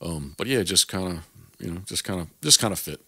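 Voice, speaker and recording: A man's voice: brisk, slightly rough, no room sound, studio quality. A man in his forties, a hunting guide, telling stories in a casual interview and acting out the quoted dialogue. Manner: animated, acts out quoted dialogue with big pitch jumps. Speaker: waterfowl hunting guide, guest.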